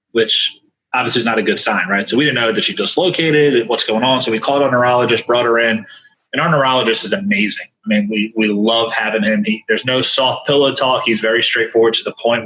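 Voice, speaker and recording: Bright-voiced, animated man on a podcast. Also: fairly low pitch, dull audio. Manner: animated and earnest, tells stories with many asides and restarts. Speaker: podcast guest, speaker and coach. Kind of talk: candid storytelling in conversation.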